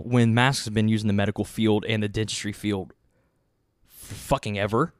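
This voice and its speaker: A man's voice: lowish voice, steady tone, a little fast, no room sound, studio quality. A man co-hosting a casual chat, ranting with heat, swearing a lot and restarting his sentences. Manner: rambling, heated, swears a lot, many restarts.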